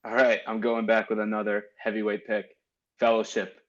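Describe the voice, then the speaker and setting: Low-voiced man guest on lo-fi audio. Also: monotone, moderate pace. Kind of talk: casual movie chat. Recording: dull lo-fi audio.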